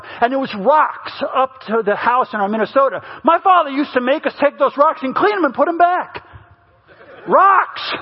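Animated high-voiced male pastor. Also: lo-fi sound. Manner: animated, mimics family members in stories. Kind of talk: humorous sermon storytelling.

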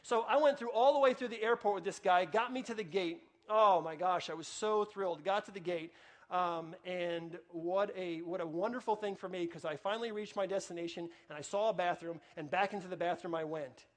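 A middle-aged man preaching to his congregation, telling a personal story in a conversational way and dropping to a hush for prayers. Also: high-pitched, fairly quick. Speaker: pastor.

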